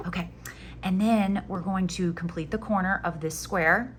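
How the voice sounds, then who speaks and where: Brief: woman, lower voice, light Southern US accent, relaxed crochet tutorial, chatty asides, faint room noise. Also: moderate pace. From Florida Panhandle, US. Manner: chatty, joking asides, guides step by step. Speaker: crochet instructor.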